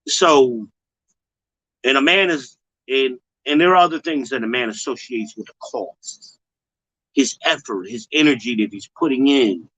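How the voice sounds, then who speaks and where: Addressing his audience directly, this blunt, slangy livestream host ridicules people by imitating them in exaggerated high voices. His voice is a bit bright, and the low-quality recording has no echo.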